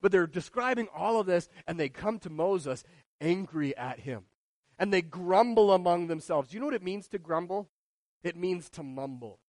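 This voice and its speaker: A man preaching a sermon, moving between loud and hushed delivery and asking the congregation questions. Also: high voice, lively intonation, normal speed, dry recording. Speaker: pastor.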